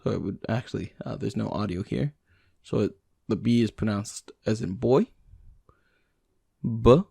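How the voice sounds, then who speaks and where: A man, a native English speaker, reading language lesson notes aloud to himself, slowing down over examples. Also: on the low side, gravelly, warm tone, husky, no echo, studio quality. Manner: reads text aloud with fillers and restarts, slow over examples.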